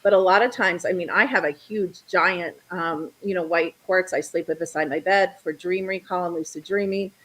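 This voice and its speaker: A woman's voice: lowish voice, normal speed, few pauses, rough recording. A middle-aged woman, a guest on a talk show, chatting casually and acting out the people in her stories. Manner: animated storyteller, acts out quoted voices. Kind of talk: casual interview chat.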